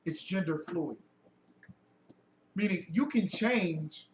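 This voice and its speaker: A man's voice: high-pitched, lively intonation, normal speed, sharp tone. A man giving a heated lecture to a group, preachy and mocking, firing off rhetorical questions. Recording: echoey room, mic far off, faint noise.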